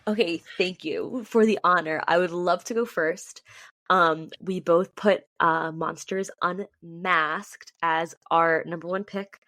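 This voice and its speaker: Chatty young woman, lowish dry voice. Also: fairly even intonation, takes it slowly, pushed and bright, dry recording. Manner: chatty, many ums and likes, enthusiastic. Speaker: podcast co-host. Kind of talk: casual chat.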